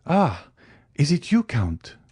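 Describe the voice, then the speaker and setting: A man voicing a grieving young man who speaks earnestly and fervently, a bit above his usual narrating pitch. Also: animated, unhurried, dark tone, no room sound, clean studio sound. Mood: surprised.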